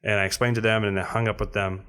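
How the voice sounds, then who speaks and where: A man on a podcast telling a story in casual chat, acting out other people with sudden high voices. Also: little pitch movement, fast, pushed and bright, clear, resonant tone. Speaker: podcast co-host.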